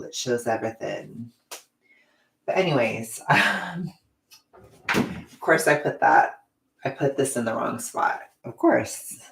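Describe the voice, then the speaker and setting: A woman's voice: a bass voice, vocal fry, roomy sound, poor audio. A woman casually chatting on a livestream while cooking at home, rambling and self-deprecating. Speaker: livestreaming vlogger. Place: home kitchen.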